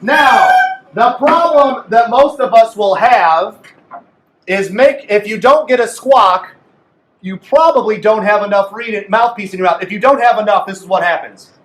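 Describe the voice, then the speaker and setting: High-voiced man coaching a clarinet class. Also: measured pace, fairly bright tone. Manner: playful, coaching a class aloud. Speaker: music teacher. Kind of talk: group clarinet lesson. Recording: echoey room from far off.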